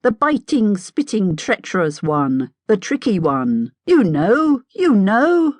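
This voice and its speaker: A woman's voice: medium pitch, very animated, slow, no echo, pitched above the performer's own voice. A woman voicing a mad, sing-songy male hatter with an unhinged, wheedling manner in an audiobook. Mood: frantic insistent. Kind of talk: audiobook character voice.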